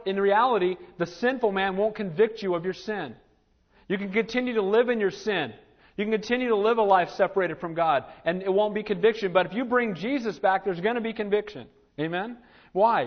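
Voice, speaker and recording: A male pastor preaches in a high voice. He moves between soft, earnest passages and loud exclamations, often calling out to his listeners. The recording sounds muffled and lo-fi. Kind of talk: sermon.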